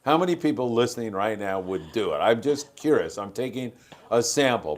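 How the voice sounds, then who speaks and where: A man's voice: fairly low pitch, animated, fairly quick. Playful man host reading listener comments. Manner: playful, laughing, reads comments aloud. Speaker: host of a fishing show. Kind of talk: live show chat reading listener comments.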